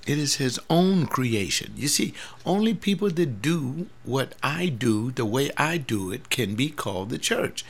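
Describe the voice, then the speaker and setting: A man's voice: mid-range voice, very animated, a little slow, gravelly. A man in his seventies, a pastor, talking earnestly in a rambling personal monologue, often repeating words. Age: 70s.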